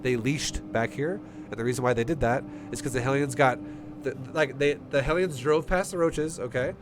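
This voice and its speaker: A man with a medium-pitched voice talks at a normal speed over background noise, with music playing underneath. He's a StarCraft coach reviewing a player's game replay during a casual stream, blunt, heated and swearing often. His nose is running.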